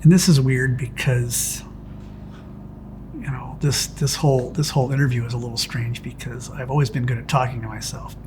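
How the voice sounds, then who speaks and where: A middle-aged man at an ordinary pitch tells loose, rambling shop-floor stories in an easygoing interview. He keeps restarting sentences and tossing in casual asides. A faint low rumble sits underneath him. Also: steady tone, moderate pace. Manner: rambling anecdotes with restarts and "it's like". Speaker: pinstriping artist telling his story.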